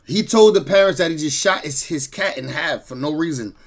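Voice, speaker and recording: High-voiced male streamer, slangy. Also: fairly quick, roomy sound. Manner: slangy, talks to his chat. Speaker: streamer reacting to a video. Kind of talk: casual live-stream chat.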